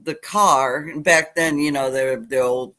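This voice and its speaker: An older woman telling childhood stories in a casual chat, animated as she retells them. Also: rumbling low, a little slow. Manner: animated retelling with acted quotes. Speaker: guest.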